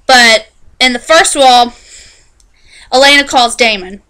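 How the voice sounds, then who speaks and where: A woman casually recapping a TV episode in a chatty, animated way, often restarting her sentences. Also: a little high, slow pace, clean tone, poor audio. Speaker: TV show reviewer.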